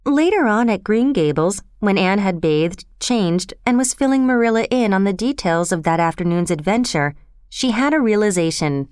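A woman narrating a storybook in a calm, measured reading voice. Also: medium pitch, clear, resonant tone, no echo, clean studio sound.

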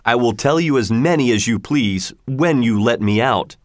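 A man voicing a crafty trapped genie who pleads and bargains in a read-aloud folk tale, coaxing and smooth-talking. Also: mid-range voice, animated, moderate pace, no room sound, studio quality, close to an everyday voice. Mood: urgent. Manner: wheedling, coaxing.

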